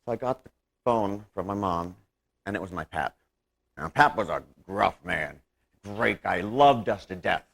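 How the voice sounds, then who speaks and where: Low-voiced man performing a stage monologue. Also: animated, unhurried, vocal fry. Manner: theatrical, swings between loud outbursts and hushed recollection.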